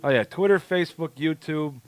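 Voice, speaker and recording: A man's voice: a little high, a little fast, no room sound. A man co-hosting a casual podcast, joking around, laughing often and rambling with restarts. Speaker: podcast co-host.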